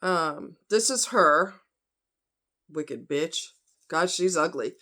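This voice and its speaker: A deep, animated voice with a fairly bright tone and a slow pace belongs to a woman hosting a casual true crime vlog. Blunt, outspoken and fired-up, she talks heatedly to her viewers and addresses them as y'all and honey.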